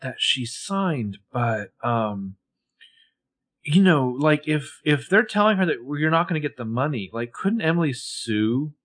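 A chatty male podcast co-host who talks through a show's plot with a lively pitch that rises and falls a lot. He hesitates now and then and slips in wry comments. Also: unhurried. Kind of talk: casual chat recapping a show.

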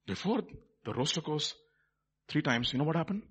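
Animated male preacher, husky and bright. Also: on the high side, quick pace, pauses often. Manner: animated, swinging between loud emphasis and hushed asides. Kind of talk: sermon.

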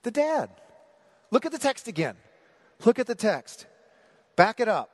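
Animated man preaching in a reverberant hall. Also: extremely high pitch, unhurried. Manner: animated, rhetorical questions to the congregation. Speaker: pastor. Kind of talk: sermon.

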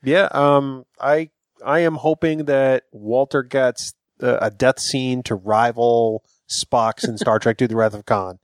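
A man's voice: mid-range voice, steady tone, a little slow, few pauses, no room sound. A man co-hosting a casual fan podcast, giving blunt opinions with dry humor. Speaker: podcast co-host.

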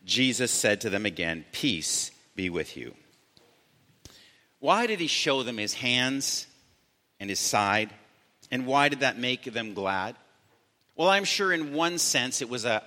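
A man preaching a sermon as pastor, earnest, slowing down to stress key words. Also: medium pitch, bright, forceful tone. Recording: long church reverb.

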